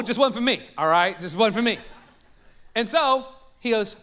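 A man's voice: very high-pitched, big pitch swings, normal speed, long pauses, bright, forceful tone. A man with a Southern US accent, preaching a sermon to a congregation and telling a personal story with jokes for the crowd. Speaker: pastor. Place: church sanctuary.

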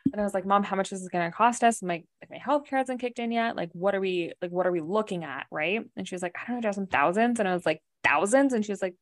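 A woman's voice: medium pitch, fast talker, hardly any pauses. A woman from Canada chatting on a podcast, telling a story in a rambling way, full of "like" and "right?". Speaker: podcast co-host. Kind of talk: casual chat.

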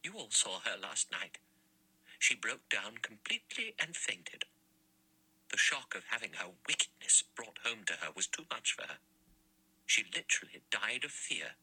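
A man raises his voice into a rigid, righteous old spinster with a hard, husky, bright edge, accusing and tight-lipped, sometimes sinking to a hushed whisper. A storybook reading. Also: lowish voice, sing-song, unhurried, heavily acted, poor audio. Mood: severe. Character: stern pious elderly spinster woman, severe.

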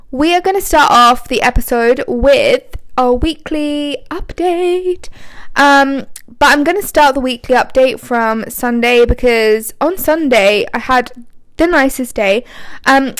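Casual solo podcast host: woman in her twenties, rambling, light on her feet, higher-pitched voice, dry recording. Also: dry recording. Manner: chatty, rambling, frequent ums.

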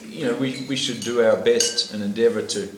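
His voice mid-range and steady, at a normal pace, a middle-aged New Zealander recounts his life in a personal testimony during a meal. The telling is rambling and laugh-filled, with frequent fillers and restarts, recorded in an echoey dining room noisy with clattering dishes.

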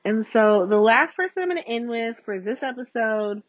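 A woman's voice: lively intonation, normal speed, no room sound. Chatty, swearing woman on a voice note. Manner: chatty, profane, swings pitch a lot. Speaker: podcast host. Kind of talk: casual solo podcast recap. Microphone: phone voice notes. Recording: dull lo-fi voice note.

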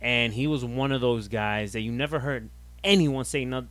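Man, podcast co-host, casual chat, laid-back, matter-of-fact, halting fillers, average pitch. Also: fairly bright tone.

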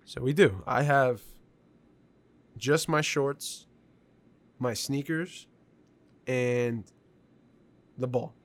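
A man's voice: mid-range voice, drawn-out words, pauses often. A young man hosting a casual podcast, laid-back and agreeable, laughing as he tells his own stories. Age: young adult. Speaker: podcast host. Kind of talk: casual chat.

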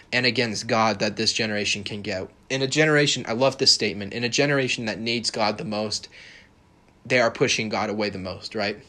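Brief: young male podcast host, bright forceful tone, profane confrontational rant. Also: on the low side. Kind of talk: ranting monologue.

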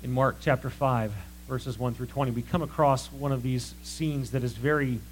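Animated preacher man with lots of questions. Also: medium pitch, normal speed, a little hiss or hum, rough recording. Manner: animated, rhetorical questions, conversational asides. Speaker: preacher teaching from scripture. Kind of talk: sermon.

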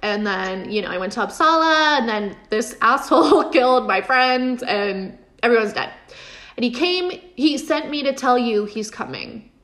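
Young woman, slightly high voice, snarky casual recap host. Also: animated, normal speed, fairly bright tone. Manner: sarcastic, swears, laughs often, quotes characters in mocking voices. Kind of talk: casual episode recap chat.

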